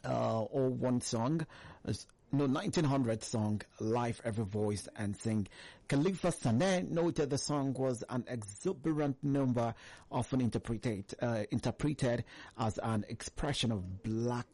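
A man's voice: medium pitch, dark tone, dry recording. A man hosting a casual talk about a song, rambling along with lots of fillers and correcting himself as he goes.

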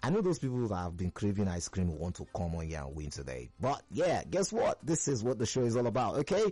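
A young man hosting a call-in radio show, energetic and slangy, hyping up callers. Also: on the low side, quick pace, breathy edge, dry recording. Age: young adult.

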